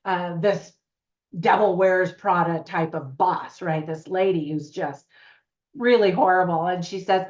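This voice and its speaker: A woman's voice: fairly low pitch, a little slow. An American woman chatting casually as a movie reviewer, upbeat and talking straight to her viewers. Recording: roomy echo, slightly dull sound.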